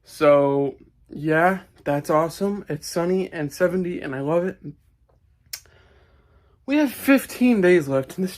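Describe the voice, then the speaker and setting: A young man talking casually to his camera while outdoors on a sunny spring day, chatty and upbeat. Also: a little high. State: out of breath. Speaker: vlogger.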